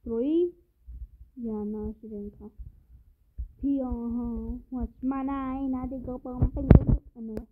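Woman gamer, high voice, unhurried delivery, swears freely, lo-fi phone-like sound. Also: steady tone. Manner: jumpy, swears often, talks to viewers. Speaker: gamer streaming a horror game. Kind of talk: casual let's-play commentary. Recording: tinny phone-like lo-fi audio with faint noise.

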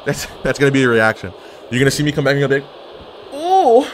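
A young man streaming a wrestling video game, giving excitable, trash-talking commentary that swings from mumbling to yelling. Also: medium pitch, rapid-fire, a little hiss or hum. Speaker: gaming streamer. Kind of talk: live gameplay commentary.

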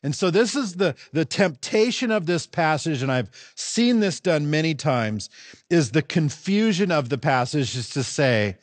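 A man's voice: fairly high pitch, measured pace, no echo. A man preaching a sermon as pastor in a church, speaking emphatically and swinging his delivery up and down for emphasis. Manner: emphatic, animated preaching with rising and falling emphasis.

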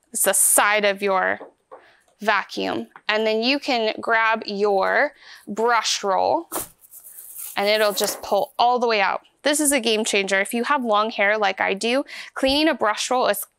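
A woman's voice: on the high side, measured pace, gravelly, a bit bright, clear, resonant tone. A woman giving a hands-on product demonstration, explaining each step in an upbeat, chatty way. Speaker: vacuum store product demonstrator.

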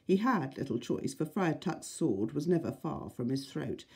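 A woman teacher, reading a children's book aloud to her class in a friendly, expressive way. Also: low voice, moderate pace, husky.

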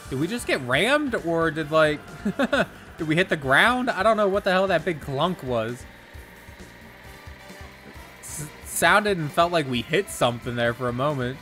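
Young male streamer, slightly raised pitch, faint game music underneath; loose, profane, easily excited play-by-play. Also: unhurried. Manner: excitable, swears a lot, laughs often. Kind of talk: casual gameplay commentary. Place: his bedroom.

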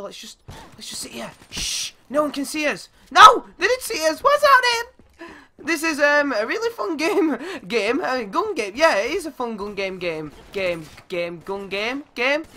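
Excitable young gamer. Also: male voice, normal speed. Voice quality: goes squeaky when yelling. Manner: excitable, shouts and swears at the game. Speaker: gaming YouTuber. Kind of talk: live gameplay commentary.

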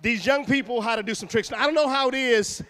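High-pitched man, loud teasing banter, live crowd show, school assembly. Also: fast. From Houston, Texas. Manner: loud, teasing, calls out to the audience. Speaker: visiting entertainer at a school assembly. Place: middle school gym or auditorium.

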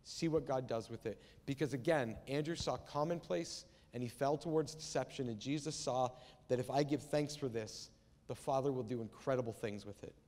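In a church sanctuary, a male pastor delivers a sermon conversationally, acting out Bible quotes as he goes. His voice is medium-pitched, a little mellow, and paced normally, and the recording carries the long reverb of a church hall.

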